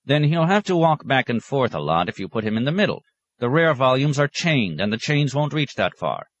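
A man's voice: very animated, fairly quick, lo-fi sound. A man voicing an aged, querulous male monk librarian who snaps and rants indignantly. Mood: suspicious. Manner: indignant, snapping, shrill outbursts.

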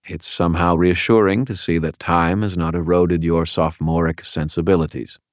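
A man reading an audiobook and voicing a polished male crime boss who speaks in a formal, measured, unruffled way. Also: sits low, flat delivery, dry recording, studio quality, lightly acted. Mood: cool, courteous. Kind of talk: audiobook character voice.

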